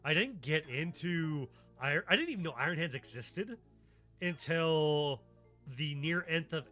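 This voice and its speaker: A man's voice: a little high, lively intonation, a little slow, pushed and bright, soft background music. A man streaming a casual chat, rambling from tangent to tangent and swearing freely. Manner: rambling, tangent-jumping, profane. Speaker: streamer, host.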